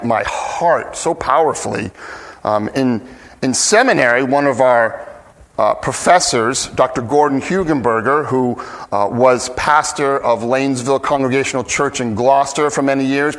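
A man with a fairly high voice preaches a sermon at an unhurried, deliberate pace. He is earnest and emphatic, often starting a phrase, breaking off and trying again. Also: fairly bright tone. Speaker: pastor.

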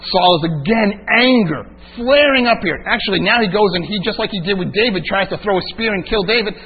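A man's voice: high voice, brisk. A man preaching a sermon, teaching through a Bible passage verse by verse and building intensity at key points. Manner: expository preaching, rising intensity at climaxes. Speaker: pastor. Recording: tinny phone-like sound with mains hum.

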